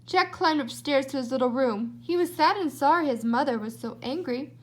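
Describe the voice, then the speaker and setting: A woman's voice: high-pitched, moderate pace. A woman reading a children's fairytale book aloud with expression. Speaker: storybook reader.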